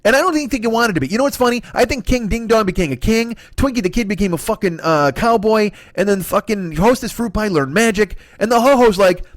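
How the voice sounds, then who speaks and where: A male comedian tears into his subject in a profane, exasperated rant, his pitch swinging wildly up and down. His voice sits high for a man, and the sound is close and dry with no room echo. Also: lively intonation, fast talker, few pauses. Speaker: comedian host.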